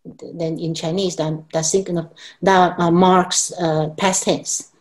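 Halting woman explaining language on a call. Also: lowish voice, level tone. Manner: halting, many restarts, laughs at herself. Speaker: Chinese language teacher. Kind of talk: explanatory video call chat.

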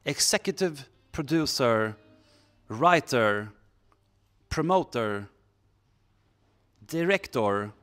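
A man hosting a comic celebrity interview, deadpan and playful in manner and jumping from one odd question to the next. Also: mid-range voice, very slow, pauses often, faint music behind. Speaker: comic celebrity reporter host. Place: indoors on a sofa.

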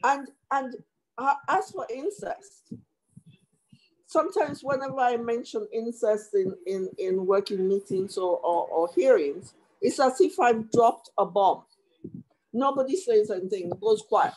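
A woman's voice: fairly high pitch, a little slow, darkish tone, low-quality recording. A woman commissioner speaking at a formal hearing over a video call, impassioned and emotional, with many restarts.

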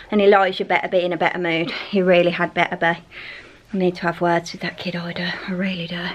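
A woman's voice: lowish voice, flat delivery, a little fast, fairly bright tone, a little hiss or hum, rough recording. A woman, chatting to the camera at home while doing chores. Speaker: vlogger, mother. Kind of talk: casual vlog chat. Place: family home.

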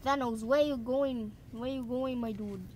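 A woman's voice: a little high, fairly even intonation, a little slow, background noise. A woman commentating her game play in a playful way, repeating lines and yelping out now and then. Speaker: gaming channel host.

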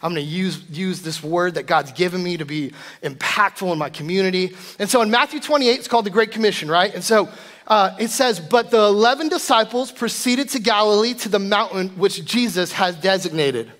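A man in his thirties preaching a sermon, an animated storyteller who acts out his family's voices. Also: sits high, a little fast. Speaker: guest preacher. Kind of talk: sermon with personal stories. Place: church sanctuary. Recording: long church hall reverb.

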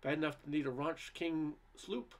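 A man's voice: fairly high pitch, steady tone, gravelly. A man voicing a brusque male washer repairman who rattles off garbled jargon. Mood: mumbling. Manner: garbled jargon, slow and offhand.

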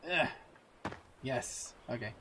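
A man's voice: mid-range voice, slow, noisy background. A man hosting a let's-play video, chatting casually to viewers and himself while he plays. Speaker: gaming video host.

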